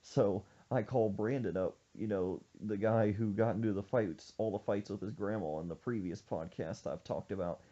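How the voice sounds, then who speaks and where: A man hosting a podcast, telling a story in an animated, jokey way. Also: on the low side, normal speed, few pauses, lo-fi sound. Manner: animated, jokey, acts out quoted voices. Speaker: podcast host. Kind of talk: casual storytelling chat.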